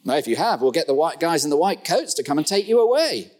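Delivering a sermon in church, a middle-aged man keeps things lively with wry, humorous asides, his voice leaping up suddenly for emphasis before dropping back down. His pace swings between quick asides and slow, weighty lines.

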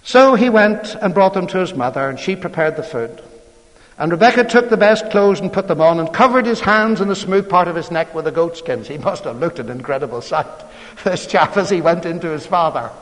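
A man preaches a storytelling sermon in a chatty, conversational way. He keeps tossing rhetorical questions to his listeners. His voice sits fairly high, and a long reverb from the church hall trails behind it. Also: lively intonation, a little fast.

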